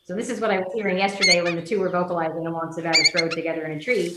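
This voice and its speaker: A woman's voice: fairly low pitch, little pitch movement, racing, heavy background noise. Chatty birding woman in an echoey room. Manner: chatty, with many fillers and restarts. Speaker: birding workshop presenter. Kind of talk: virtual lecture with slides.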